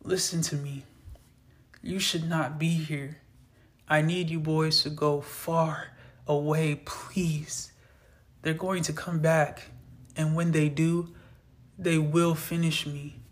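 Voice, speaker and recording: A man voicing a badly wounded dying father who speaks slowly in a strained, pained voice. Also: a little high, level tone. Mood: pained, pleading. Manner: slow, strained, pained pleading.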